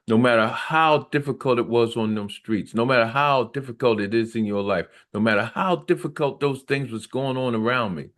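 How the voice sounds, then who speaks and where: Earnest man preaching from his book. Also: lowish voice. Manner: earnest, repetitive, preacher-like emphasis. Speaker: author reading his memoir. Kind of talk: reading aloud and preaching on his own book.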